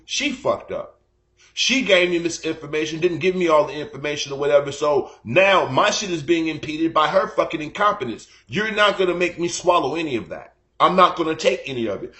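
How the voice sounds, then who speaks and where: A man's voice: a little high, fairly bright tone. A man telling a story on his live stream in a heated, profane, rambling rant. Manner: rambling, repeats "you know what I'm saying".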